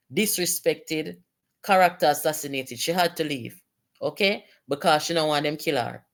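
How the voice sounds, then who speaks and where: A Jamaican woman speaks as a political commentator in a slightly low voice. She is indignant and emphatic and keeps firing rhetorical questions at her listeners.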